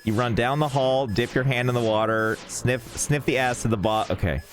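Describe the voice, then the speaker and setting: A mid-range male voice at a moderate pace carries casual live-stream banter during a video game, joking with chat, rambling irreverently and swearing freely. Faint music plays in the background.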